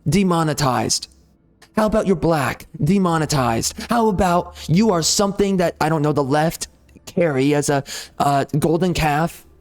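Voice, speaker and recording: A man's voice: a little high, normal speed, a little mellow, faint music behind. A man ranting heatedly over gameplay, swearing and repeating himself as he argues. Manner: heated, profane, repetitive ranting. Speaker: gaming channel host.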